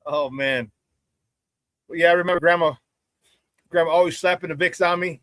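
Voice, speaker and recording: A man with a high-pitched voice hosts a loose sports talk stream, chatty and upbeat. He laughs often and repeats phrases for emphasis, and the sound is close and dry. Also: steady tone, moderate pace, long pauses, fairly bright tone, dry recording. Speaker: sports talk show host. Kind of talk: casual live sports talk, reading viewer chat.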